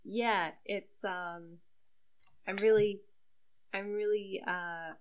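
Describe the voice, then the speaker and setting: A woman's voice: mid-range voice, fairly even intonation, very slow, poor audio. A young woman chatting casually on a podcast about making webcomics, self-deprecating, with lots of fillers and laughter. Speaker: webcomic creator and site regular.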